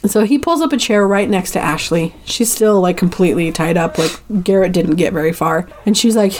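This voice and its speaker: A woman's voice: medium pitch, brisk, a little mellow. A woman co-hosting a casual podcast, retelling a film scene by scene and acting out the characters' lines. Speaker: podcast co-host. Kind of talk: casual movie recap.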